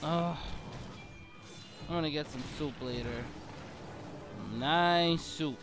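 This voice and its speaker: Sick, excitable man doing gameplay commentary. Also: high voice, slow pace, pauses often, soft background music. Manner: excitable, frequent exclamations. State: sick with a bad cough. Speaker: gamer.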